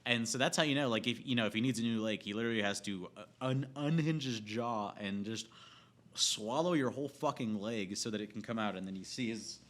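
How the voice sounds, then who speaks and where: A man with a bright, sharp-edged voice rants casually about a movie. He rambles, swears freely and keeps cracking himself up. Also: lowish voice, a little fast. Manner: profane, rambling, laughs often. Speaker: movie reviewer. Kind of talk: casual film rant.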